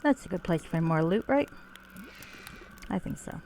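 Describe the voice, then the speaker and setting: A woman's voice: on the low side, lively intonation, moderate pace, a little mellow, a little hiss or hum. A woman streamer casually chatting while playing, sweary and self-mocking, with faint game music behind her. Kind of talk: casual gameplay commentary.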